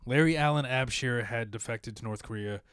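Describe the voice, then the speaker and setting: A man's voice: mid-range voice, fairly quick, fairly bright tone, smooth. A man hosting a podcast, telling a story in casual chat, rambling with lots of fillers and acting out the voices he quotes.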